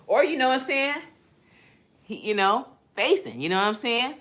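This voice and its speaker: A woman hosting a casual livestream, reading chat comments aloud and laughing loudly between remarks. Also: a little high, normal speed. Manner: loud laughing, playful, animated. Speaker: livestream host.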